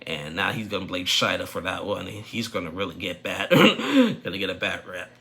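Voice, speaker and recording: A man's voice: low voice, sing-song, moderate pace, sharp tone. A man giving a casual, opinionated recap of a reality show, rambling with frequent restarts.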